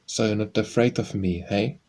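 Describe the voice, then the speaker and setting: A man doing a gruff old gentleman. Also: on the low side, fairly even intonation, normal speed. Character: gruff, abrupt elderly gentleman, kindly underneath.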